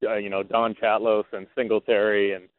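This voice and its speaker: A man's voice: fairly low pitch, brisk. Guy on a phone line telling his horse racing story, rambling, lots of uh and restarts. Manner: excited, rambling, many fillers and restarts. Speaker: racehorse syndicate founder. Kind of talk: storytelling interview answer.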